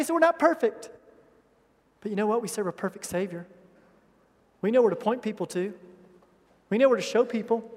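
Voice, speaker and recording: A male pastor preaching a sermon with passion, swinging from loud emphatic bursts to hushed asides. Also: high-pitched. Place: church sanctuary. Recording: long hall reverb in a church sanctuary.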